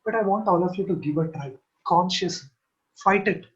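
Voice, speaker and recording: Earnest high-voiced man preaching. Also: moderate pace. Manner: earnest, repeats key phrases to exhort. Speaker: Christian teacher. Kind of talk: teaching sermon. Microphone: online call. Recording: dull lo-fi online session audio.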